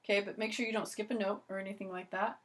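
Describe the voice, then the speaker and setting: A woman's voice: medium pitch, level tone, quick pace. A woman teaching violin in a video lesson, chatty and encouraging, with many "so" and "okay" starts. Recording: loud violin playing between phrases.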